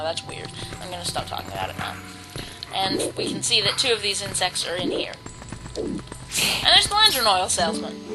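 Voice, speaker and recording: A woman's voice: medium pitch, poor audio. A woman giving casual, jokey commentary while playing a video game. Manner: chatty, jokey, self-mocking. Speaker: let's play commentator. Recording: loud game music behind.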